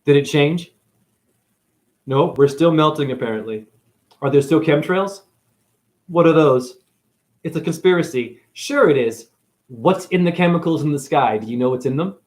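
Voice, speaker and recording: A man from New England giving a profane, sarcastic monologue to camera, swinging between loud outbursts and near-whispers. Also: fairly high pitch, normal speed, pauses often. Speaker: spiritual video host.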